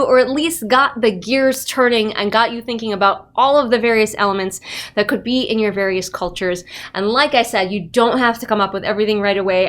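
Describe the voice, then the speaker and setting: A woman of medium pitch hosts a writing-tips channel and works as a developmental editor. Speaking casually to camera in a tutorial style, she's chatty, says "like" a lot and asks plenty of rhetorical questions.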